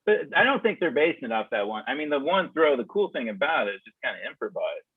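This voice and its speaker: A man on a podcast, talking football in a measured, analytical way. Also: mid-range voice, very animated, husky, no room sound. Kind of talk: casual sports chat. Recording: tinny phone-like call line.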